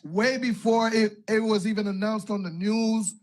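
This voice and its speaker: A man's voice: sits high, steady tone, normal speed, a little mellow, slight background noise. A man hosting a casual interview, with loose, profane, laughing banter. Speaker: radio host.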